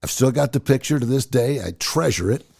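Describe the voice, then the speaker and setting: Older guy in his 60s, gravelly voice, goes up and down a lot telling stories. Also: mid-range voice, brisk. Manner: animated, chatty storyteller. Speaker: storyteller. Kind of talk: casual personal storytelling.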